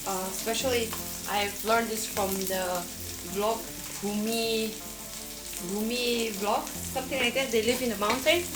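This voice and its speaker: A woman from Northeast India, a food vlogger chatting casually while she cooks and eats, who often ends lines with "okay?". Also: a little high. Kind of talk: casual cooking and mukbang chat.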